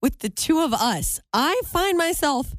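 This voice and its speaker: A woman's voice: high voice, sing-song, unhurried, dry recording, studio quality. A woman co-hosting a podcast, chatting casually and laughing often. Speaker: podcast co-host. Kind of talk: casual chat.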